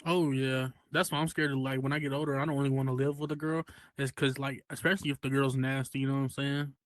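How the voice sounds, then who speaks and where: A man hosting a podcast in casual chat, relaxed and easygoing. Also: mid-range voice, quick pace, dry recording. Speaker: podcast host.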